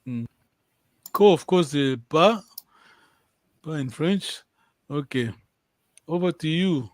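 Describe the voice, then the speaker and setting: A man's voice: on the high side, lively intonation, slow, dry recording. A man teaching a language lesson over a video call, patiently repeating and checking that his students follow.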